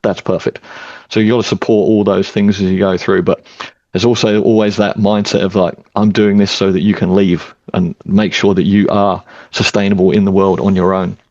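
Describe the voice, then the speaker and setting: A man hosting a casual podcast, speaking in a relaxed, reflective way and thinking aloud with the odd filler. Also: sits low, normal speed, no echo, highs cut off. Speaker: podcast host and father.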